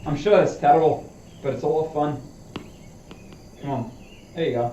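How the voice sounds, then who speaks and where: A man's voice: on the high side, moderate pace, heavy background noise. A man chatting casually to his viewers while practicing golf, talking himself through his swings. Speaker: golfer streaming a practice session. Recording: roomy, distant, dull lo-fi sound.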